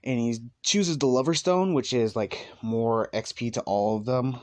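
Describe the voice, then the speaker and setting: A man's voice: medium pitch, expressive, normal speed, darkish tone, dry recording. A man casually retelling a fan story, rambling with lots of "like" and "let's just say," sometimes walking around as he talks.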